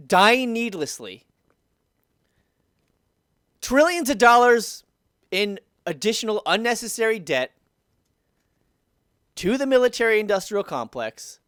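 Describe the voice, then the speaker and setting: A man's voice: high voice, very animated, slow, pauses often, fairly bright tone, clean tone, no echo. Heated man ranting, dry close sound. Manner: heated, repetitive, restarts and swears when riled. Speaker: video commentator. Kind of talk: ranting political commentary.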